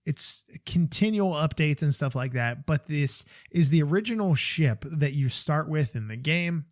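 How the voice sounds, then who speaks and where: A man hosting a podcast in a casual, chatty way. He gives frank opinions and often restarts his sentences or stops on fillers. His voice sits a little high, and the sound is dry and close, with no room echo. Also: animated, unhurried. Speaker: podcast host.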